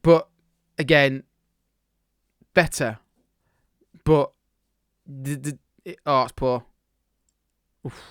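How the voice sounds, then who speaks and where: A man's voice: mid-range voice, steady tone, extremely slow, long pauses, fairly bright tone, smooth, dry recording, studio quality. A man casually commentating his own football management game, reacting live and often restarting his sentences. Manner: chatty, reacts live to the match, many restarts. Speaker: gaming YouTuber.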